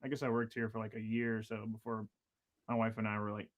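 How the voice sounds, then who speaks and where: A man's voice: fairly low pitch, monotone, quick pace, highs cut off. A man in his thirties, a drummer guest telling long stories in casual chat, rambling with many fillers and laughs.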